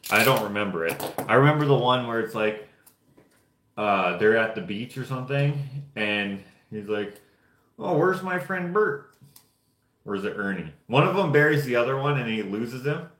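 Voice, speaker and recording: A man's voice: fairly low pitch, normal speed, a bit bright. A young man from Canada chatting casually and rambling offhand while painting figures. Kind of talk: casual chat. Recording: roomy echo.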